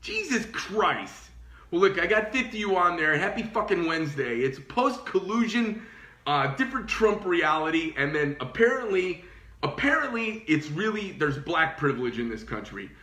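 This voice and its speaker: A man's voice: high voice, sing-song, moderate pace, bright, forceful tone. A man who owns a knife company, telling a heated, profane story in a blunt ranting monologue. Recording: roomy echo.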